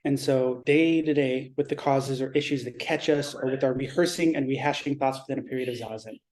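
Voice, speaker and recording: A man giving a Zen dharma talk in a reflective, measured way, pausing and restarting his thoughts. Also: mid-range voice, darkish tone.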